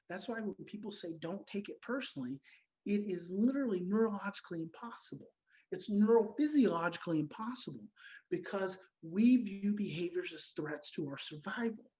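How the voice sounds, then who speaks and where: A woman giving an emphatic, repetitive motivational talk to parents, swinging between loud stresses and soft, quiet passages. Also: medium pitch, lively intonation, fairly quick, poor audio. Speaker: parenting educator.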